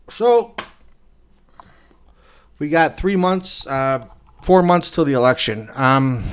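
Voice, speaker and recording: A man hosting a comedy talk show, halting and full of ums and uhs. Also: mid-range voice, a bit bright, smooth. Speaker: host.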